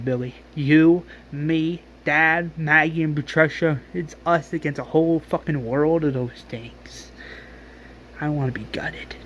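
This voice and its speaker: A man voicing a grieving young man who pleads with his sister, emotional and halting. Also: fairly high pitch, a bit bright, muffled recording, a little hiss or hum.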